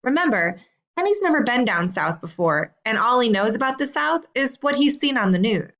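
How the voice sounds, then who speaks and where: A woman teacher reading out homework questions in a slow, clear, deliberate way. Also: on the high side, sing-song, fairly bright tone, highs cut off. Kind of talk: recorded assignment instructions.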